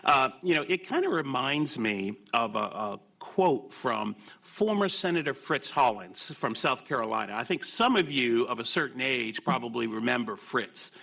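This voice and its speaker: A man at a conference podium delivers a policy speech, his voice bright and forward at a middle pitch. He opens loose and joking, then reads his prepared remarks with rising emphasis on the quotations. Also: normal speed, vocal fry, few pauses. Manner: lively, quips before formal remarks. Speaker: keynote speaker.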